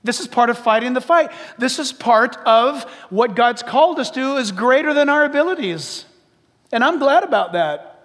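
A middle-aged pastor delivers an animated, humorous sermon that drops into hushed asides. His voice sits high, and it is recorded in a church sanctuary with a long, lingering hall reverb.

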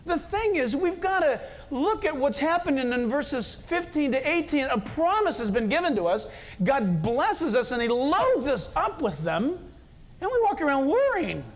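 Male pastor, sermon, storytelling, with quiet stretches and loud peaks. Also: very high voice.

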